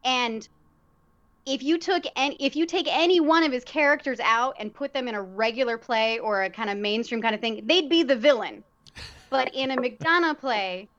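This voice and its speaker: Woman theater director guest, higher register, reflective and searching, casual chat; muffled lo-fi recording. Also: fairly bright tone. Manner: reflective, searching for words with many fillers. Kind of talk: casual conversation. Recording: dull lo-fi sound.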